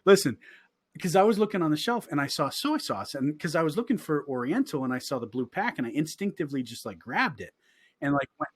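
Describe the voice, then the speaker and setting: Husky, laughing man spinning a rambling story. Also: a little high, big pitch swings, a little fast, no echo, studio quality. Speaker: podcast host. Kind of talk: casual podcast chat. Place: at home, downstairs. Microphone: wearing headphones.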